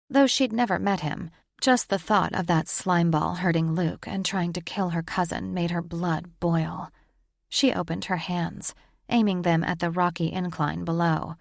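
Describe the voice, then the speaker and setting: A woman narrating a fantasy romance audiobook in an even, measured way. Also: on the low side, gravelly, dry recording, clean studio sound. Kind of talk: scripted narration.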